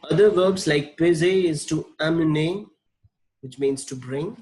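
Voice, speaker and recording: A man's voice: fairly high pitch, a little mellow, low-quality recording. A man teaching French verb conjugation from slides, patient and repetitive, spelling out letters. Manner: slow, patient, spells out letters and repeats forms. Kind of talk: slide-based grammar lesson.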